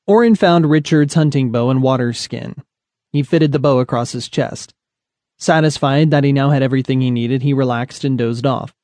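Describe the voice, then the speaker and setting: A man narrating an audiobook in a steady, measured storytelling manner. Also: mid-range voice, no room sound.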